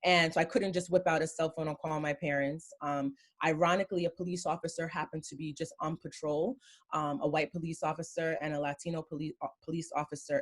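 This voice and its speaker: A woman in her thirties from Queens, New York, speaking as a guest in a casual conversation and telling her stories by acting out the exchanges. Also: sits low. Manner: storytelling, acting out quoted exchanges.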